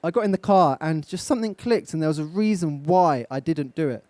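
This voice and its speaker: On an event stage, a young English motivational speaker talks live in a direct, coaching way, quizzing the crowd. He sounds a little high and darkish in tone, expressive and brisk, with no echo.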